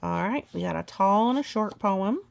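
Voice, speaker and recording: A woman's voice: medium pitch, lively intonation, moderate pace, vocal fry. A woman reading a children's picture book aloud, adding chatty, playful asides. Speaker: storybook reader.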